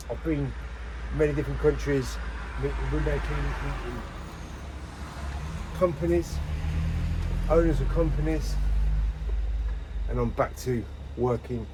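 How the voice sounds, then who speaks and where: A man's voice: mid-range voice, steady tone, a little slow, pauses often, noisy background. A man, a window cleaner rambling casually to camera while working outdoors. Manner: chatty, rambling storytelling. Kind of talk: casual on-the-job rant to camera. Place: outdoors on a street job.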